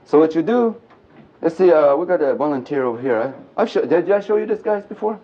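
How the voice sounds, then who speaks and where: A man giving an animated storytelling lecture to a live audience at a men's gathering, joking and speaking bluntly. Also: fairly high pitch, fairly quick. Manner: animated and earthy, mixing jokes and blunt language. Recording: dull lo-fi archive tape.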